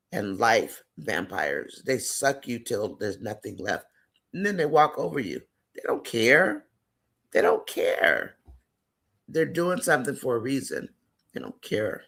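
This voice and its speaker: A man's voice: medium pitch, vocal fry, fairly bright tone, husky. A man hosting a casual live-stream chat, reading viewer comments aloud and greeting and affirming viewers by name.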